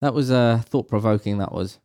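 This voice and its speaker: A man's voice: mid-range voice, fairly quick, mellow. A middle-aged man from England hosts a podcast in a loose, casual chat. He argues his points and keeps firing pointed questions back at the others. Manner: argumentative, asks pointed questions. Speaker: podcast host.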